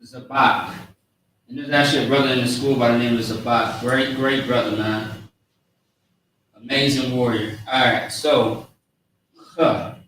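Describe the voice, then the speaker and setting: A man giving a casual, slangy lesson on words, spelling them out slowly. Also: mid-range voice, fairly even intonation, fairly bright tone. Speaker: teacher of a language class. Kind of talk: informal lesson with a live chat. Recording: echoey room, far from mic, faint noise.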